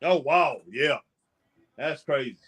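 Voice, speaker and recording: A man's voice: a little high, takes it slowly, a bit bright, husky. A man co-hosting a casual chat about a live wrestling show. He laughs often and keeps saying "boy" and "man". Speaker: co-host.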